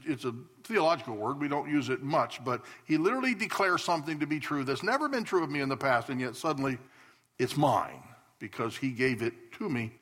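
A male pastor preaching a sermon, swinging between loud emphatic declarations and soft asides. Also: fairly high pitch. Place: church sanctuary.

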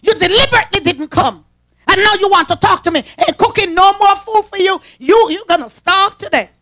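A woman's voice: extremely high pitch, animated, fairly quick, fairly bright tone, voice pushed up. A woman acting out Mary as an indignant, grieving woman who scolds and sulks.

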